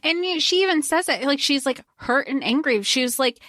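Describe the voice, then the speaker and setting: Excitable woman podcast co-host. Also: high voice, a little fast, few pauses, no room sound, clean studio sound. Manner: excitable, jumps in to retell scenes with quoted lines. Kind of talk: casual book discussion.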